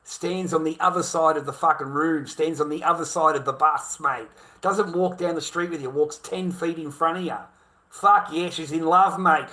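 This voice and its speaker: Middle-aged Australian man, rambling crude rant, bright and forceful voice. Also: on the high side, normal speed. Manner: crude, swearing, repetitive, keeps saying mate. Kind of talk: casual rant.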